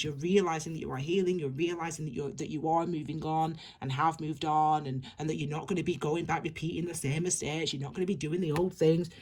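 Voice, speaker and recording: A woman's voice: deep voice, slight background noise. A woman giving a tarot reading, rambling and repeating herself as she gushes reassurance at her viewers. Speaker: tarot reader.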